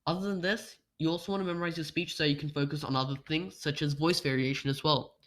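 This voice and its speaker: A man's voice: on the high side, steady tone, quick pace, a bit bright. A young man presenting a workshop on an online call, explaining speech practice with rhetorical questions and demonstrating voice changes. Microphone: computer mic without webcam.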